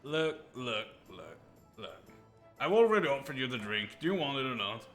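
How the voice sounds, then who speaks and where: A man's voice: mid-range voice, very animated, moderate pace, a bit bright, soft background music. A man voicing a laid-back adventurer, dry and bargaining.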